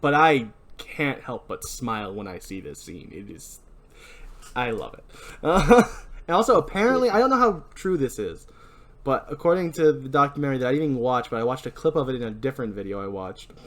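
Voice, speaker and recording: A man hosting a podcast, chatting casually and rambling about a movie. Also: mid-range voice. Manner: chatty, rambling, self-interrupting with laughs. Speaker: podcast host. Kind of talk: casual movie review chat.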